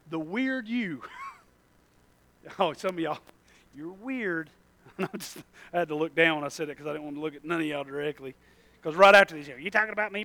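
A man preaching a sermon, emphatic and full of repeated phrases, moving from loud bursts to hushed asides. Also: sits high.

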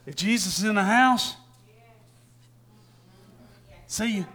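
A man preaching a sermon, folksy and laughing often, swinging from shouts to hushed tones and acting out quotes. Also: high-pitched, brisk.

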